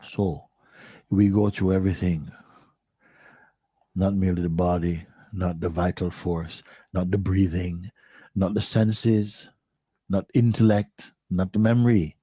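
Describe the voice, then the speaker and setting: A middle-aged man, a spiritual teacher, speaking slowly to listeners, repeating and questioning, often dropping to a soft near-whisper. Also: low voice, little pitch movement, slightly rough, dry recording, clean studio sound.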